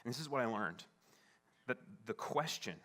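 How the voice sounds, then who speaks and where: At a church service, a man preaching as pastor recounts something personal in a mid-range voice with lively intonation. He comes across as earnest and halting, often starting sentences over and swinging between soft and forceful.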